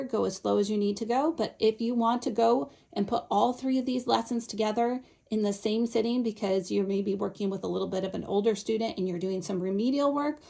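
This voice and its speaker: A woman's voice: mid-range voice, gravelly, warm tone. A woman explaining a Montessori lesson step by step in a patient, instructional way. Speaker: Montessori teacher. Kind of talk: instructional demonstration.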